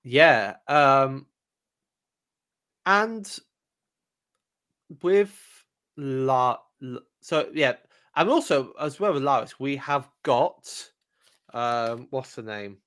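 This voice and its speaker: A man's voice: mid-range voice, lively intonation, drawn-out words, pauses often, a bit bright. A man co-hosting a podcast review, chatting casually with many fillers and restarts. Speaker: podcast co-host.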